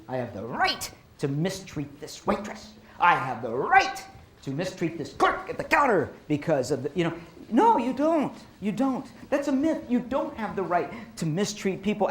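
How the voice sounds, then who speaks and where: A man giving a storytelling lecture to an audience on violence prevention, animated and repeating phrases for emphasis. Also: high-pitched. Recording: roomy echo.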